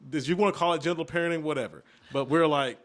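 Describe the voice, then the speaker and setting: A man's voice: on the high side, fast. A young man telling family stories in a casual podcast chat, acting out what was said as he goes. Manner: storytelling, animated retellings of family moments. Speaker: podcast co-host.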